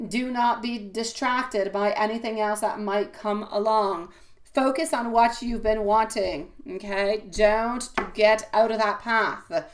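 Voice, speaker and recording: A woman giving a live-stream tarot reading, delivering an encouraging, affectionate pep talk full of pet names. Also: mid-range voice. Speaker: tarot reader.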